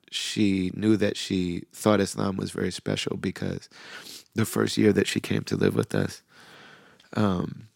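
A middle-aged man hosting a podcast, softly telling a heartfelt personal story with quoted dialogue. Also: low voice, gravelly, dry recording, studio quality. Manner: soft-spoken, heartfelt, with frequent fillers and quoted dialogue. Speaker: podcast host.

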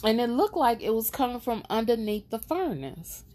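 A woman hosting her own podcast, telling a personal story in an emotional, expressive, casual way. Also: on the high side, normal speed. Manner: casual, conversational. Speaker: podcast host.

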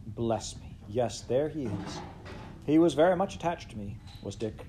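A man voicing an old male miser who talks in a soft, lower, musing way. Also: animated, moderate pace, slight background noise, close to an everyday voice. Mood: wistful.

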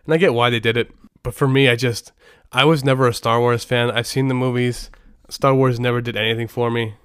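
A man's voice: mid-range voice, fairly even intonation, brisk, a bit bright, smooth, dry recording, clean studio sound. Brief: middle-aged male podcast host, casual and rambling, clean resonant voice. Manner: rambling, many restarts and asides.

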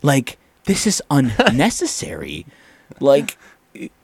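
A young man chats about his work in fast food, acting out angry customers with a voice that rises and falls a lot. The sound is dry and close. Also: medium pitch, slightly rough, no room sound. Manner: animated storyteller acting out customers. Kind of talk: casual chat.

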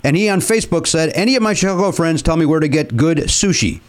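Podcast host guy, kinda high voice, jumpy mock-angry banter. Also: expressive, fast talker. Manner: joking, mock-indignant.

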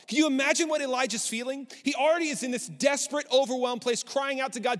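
A man in his thirties preaching a sermon as a pastor, animated and swinging up high when he voices a despairing prophet. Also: quick pace, hardly any pauses. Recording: long hall reverb.

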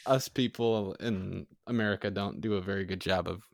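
A man's voice: low-pitched, fairly even intonation, normal speed, creaky, no echo, clean studio sound. A young man chatting casually as a podcast guest. He is easygoing and gives short replies. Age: young adult. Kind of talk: casual chat.

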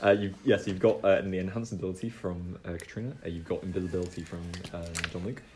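A man narrating as game master of a tabletop role-playing game, in a relaxed, chatty way. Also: low voice, quick pace, a loud crowd.

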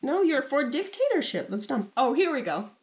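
A woman's voice: sits high, sing-song, moderate pace. A young woman co-hosting a casual chat, reading old diary entries aloud in a playful, teasing way.

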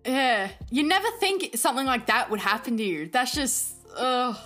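A young woman in casual chat, expressive and quick to exclaim. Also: fairly high pitch, soft background music.

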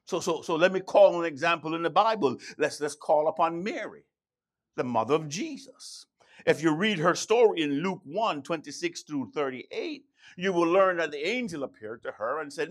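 Lively, emphatic male preacher. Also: on the high side, brisk. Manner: emphatic, repeats key phrases, stammering restarts. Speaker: pastor. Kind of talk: sermon.

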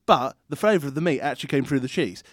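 A man's voice: medium pitch, fast talker, no room sound, clean studio sound. A man chatting casually as a podcast guest, rambling and laughing often. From England. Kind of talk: casual chat.

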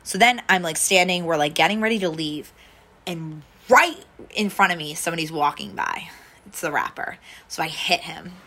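Her voice on the low side, sing-song, pushed and bright, a young woman recounts a story at normal speed in casual conversation. She says "like" constantly and performs the quoted lines as she chats.

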